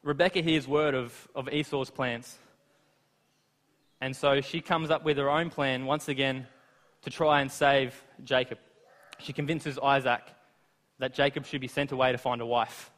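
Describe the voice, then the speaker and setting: A man preaching a sermon, retelling scripture in lively everyday words with asides to the listeners. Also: medium pitch, unhurried. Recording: long reverb of a large hall.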